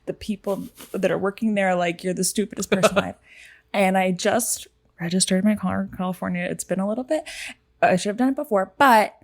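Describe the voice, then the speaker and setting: A woman hosting a podcast, chatting casually and rambling a bit with quick laughs. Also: mid-range voice, darkish tone. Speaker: podcast host.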